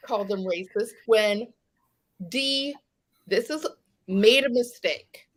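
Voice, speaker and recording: A woman from West Virginia, a podcast guest, telling a personal story in an animated way. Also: on the high side, takes it slowly, pauses often. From West Virginia, USA. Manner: animated storyteller, acts out quoted exchanges. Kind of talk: podcast conversation.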